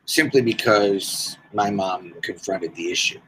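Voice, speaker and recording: A man in his sixties telling his life story as a podcast guest, slow and deliberate with pauses. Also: on the low side, fairly bright tone, slight background noise, rough recording. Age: 60s. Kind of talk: personal storytelling.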